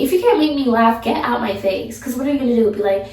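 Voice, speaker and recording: A woman's voice: on the high side, a little fast, a little mellow. A young woman vlogger giving blunt, sassy advice in a casual, chatty way. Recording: echoey room, mic far off.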